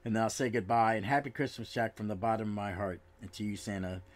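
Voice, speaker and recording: A kindly older homeless man, a steady veteran who speaks plainly and calmly, as a podcast host reads his lines in a comic recap. The voice stays close to an everyday man's talking voice. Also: on the low side, fast, voice pushed down, close to an everyday voice. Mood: grateful.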